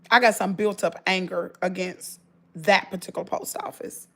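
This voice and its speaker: A woman's voice: on the low side, slow, gravelly, bright, forceful tone. A woman with a Southern US accent, telling an emotional story straight to her viewers in an emphatic, rambling way, full of restarts. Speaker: vlogger.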